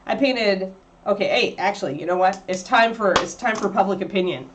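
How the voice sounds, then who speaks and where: A brisk woman hosts a livestream against background noise, chatting and rambling as she paints miniatures. Every so often she baby-talks her dog in a high voice.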